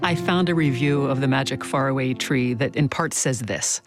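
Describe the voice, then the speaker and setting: A woman's voice: rumbling low, no room sound. Woman radio host asking questions, dry studio sound, faint music under. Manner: measured, curious, reads quotes aloud. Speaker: radio interviewer. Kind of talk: public radio interview. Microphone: studio mic.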